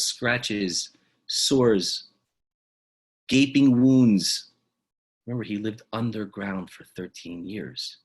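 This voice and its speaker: A rabbi with a fairly low, slightly rough voice teaches a lesson through dramatic storytelling. He swings between loud exclamations and hushed asides.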